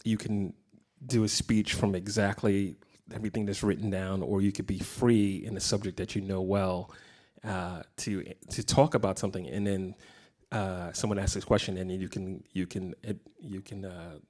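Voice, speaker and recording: Relaxed low-voiced man teaching guitar. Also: normal speed. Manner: relaxed, rambling, many fillers. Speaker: guitar clinic presenter. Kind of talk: casual teaching talk. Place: guitar shop. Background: guitar playing.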